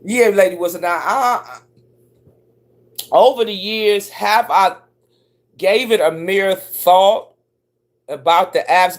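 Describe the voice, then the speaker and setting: Profane, animated middle-aged woman streamer. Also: takes it slowly, pauses often. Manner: profane, animated storyteller who swoops up high for quoted voices. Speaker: live streamer. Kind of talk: casual livestream storytelling.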